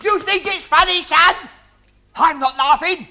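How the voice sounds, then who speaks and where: An actor playing a bullying army drill sergeant who barks sarcastic orders. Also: male voice, extremely high pitch, a little slow, vocal fry, pushed and bright, heavily acted. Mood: barking orders. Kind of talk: television drama acting.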